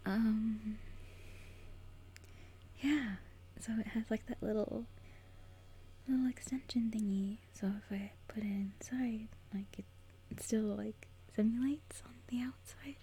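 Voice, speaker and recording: A woman talking quietly in a whisper, stuffy-nosed and a little hoarse, hesitant and giggly with lots of fillers. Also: on the high side, fairly even intonation, slow, pauses often, slight background noise. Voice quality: hoarse, losing her voice. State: stuffy nose. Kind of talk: whispered casual talk to a mic.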